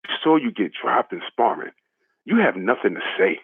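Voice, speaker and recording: On a dry phone line, a man calls a talk show and launches into a fired-up, mocking, profane rant. His mid-range voice is very animated, fairly quick, creaky and slightly rough.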